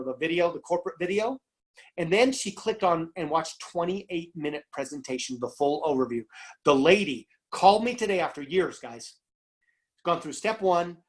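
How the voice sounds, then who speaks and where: A man giving a casual motivational talk about network marketing, telling a story and acting out both sides of a phone call. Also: on the high side. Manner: animated, emphatic, addresses audience as guys.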